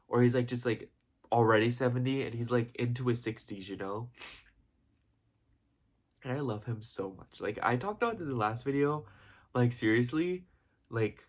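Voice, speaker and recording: A young man talking in a casual, heartfelt vlog, rambling with constant "like" and "you know" and openly emotional and gushing. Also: mid-range voice. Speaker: vlogger.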